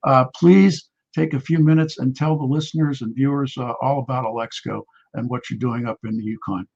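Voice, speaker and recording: A man's voice: mid-range voice, fairly even intonation, brisk, vocal fry, a little mellow, slightly rough. A man hosting a virtual investor panel, talking with folksy, jokey enthusiasm. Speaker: host. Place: at home on a video call. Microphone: video call. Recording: slightly muffled video call audio.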